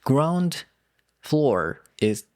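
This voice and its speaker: Halting man, dry sound. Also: mid-range voice, sing-song, no room sound. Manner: short replies, halting phrasing. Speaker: podcast co-host. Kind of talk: casual chat.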